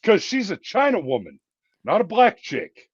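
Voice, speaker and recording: A lively male podcast host who swings his pitch widely as he jokes and curses through casual banter. His voice sits a little high for a man, and the sound is dry and slightly dull. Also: normal speed, breathy edge, dry recording. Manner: profane, joking, animated. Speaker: show host.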